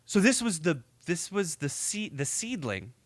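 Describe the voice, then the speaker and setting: A man's voice: high-pitched, unhurried, dry recording. A young man co-hosting a podcast, telling a story in casual chat, acting out every quote and swearing freely. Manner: animated storyteller, acts out quotes, swears a lot. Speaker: podcast co-host.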